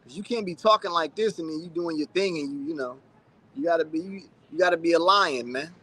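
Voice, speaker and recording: A man's voice: a little high, fairly quick, pushed and bright. A man in his thirties hosting a casual livestream, chatting loosely and reading out viewer comments. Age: 30s. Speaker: channel host.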